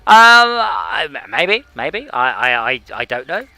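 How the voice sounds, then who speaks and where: A man's voice: mid-range voice, very animated, slow pace, bright, forceful tone, no room sound. A man streaming a space game, chatting casually and mocking himself as he plays. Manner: rambling, self-mocking, talks to himself while playing. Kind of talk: casual gaming chat.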